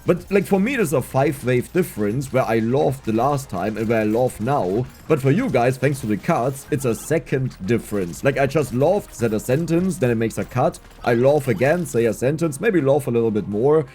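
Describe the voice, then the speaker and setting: Excitable gaming man, scratchy voice. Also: mid-range voice, normal speed, hardly any pauses, faint music behind. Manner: excitable, laughs often, talks to himself. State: strained, scratchy voice. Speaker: gaming YouTuber. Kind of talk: casual gameplay commentary.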